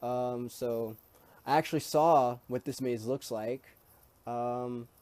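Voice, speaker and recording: A man chatting casually to his camera with a mellow, warm tone, rambling as he goes. His speech is easygoing but hesitant, with frequent ums and false starts. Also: mid-range voice, steady tone, slow pace. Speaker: vlogger.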